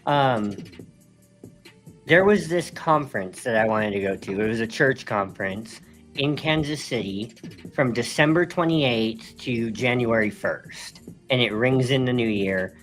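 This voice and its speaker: A man's voice: medium pitch, expressive, unhurried, a bit bright, soft background music. A man co-hosting a live stream, telling a story casually and animatedly, laughing between phrases and leaning on fillers. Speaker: co-host.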